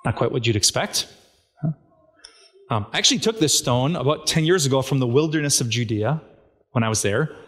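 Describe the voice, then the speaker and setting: A man's voice: medium pitch, fairly bright tone. A man preaching a sermon as a pastor, talking in a casual, conversational way and asking his listeners rhetorical questions.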